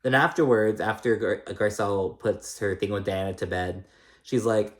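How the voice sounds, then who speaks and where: A man's voice: fairly low pitch, moderate pace. A young man casually recapping a reality show, chatty and rambling, swearing freely and acting out what others said. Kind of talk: casual chat.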